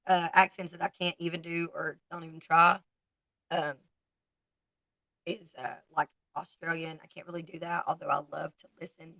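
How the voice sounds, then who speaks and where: A woman's voice: deep voice, level tone, moderate pace, gravelly, pushed and bright, no room sound, highs cut off. A woman in her forties with a Southern US accent, chatting bluntly and candidly to viewers on a casual livestream. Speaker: livestream host.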